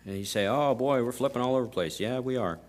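A man preaching in a homespun, plain-spoken way, with a mid-pitched voice. He leans hard on key words and often restarts his phrases as he builds a point. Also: quick pace. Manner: folksy, emphatic, rising to loud stresses. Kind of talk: sermon.

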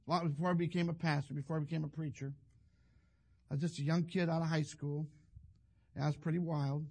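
A man's voice: fairly high pitch, vocal fry, darkish tone, breathy edge. An older man, a pastor telling a rambling, folksy story in a sermon. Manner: rambling, folksy, self-interrupting.

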